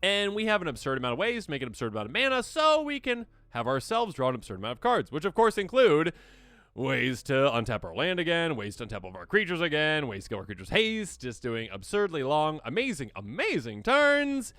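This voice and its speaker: Excitable man with lively, bright voice. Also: a little fast, no echo. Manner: excitable, acts out players' reactions in squeaky voices. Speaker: host. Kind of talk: enthusiastic card game deck overview.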